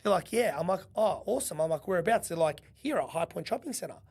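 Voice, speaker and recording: An Australian man tells his stories as a podcast guest, rattling along at a rapid clip. His voice sits a little high, and he swears freely while acting out what others said. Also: gravelly, breathy edge. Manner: animated, swears freely, acts out quotes. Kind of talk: casual storytelling.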